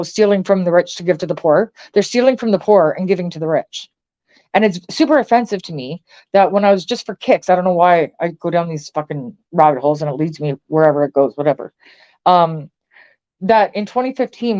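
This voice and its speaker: A Canadian woman vlogger delivers an angry political rant to the camera, blunt and profane, swearing often and using lots of filler words with her viewers. Her voice is fairly low and mellow, and the audio sounds dull.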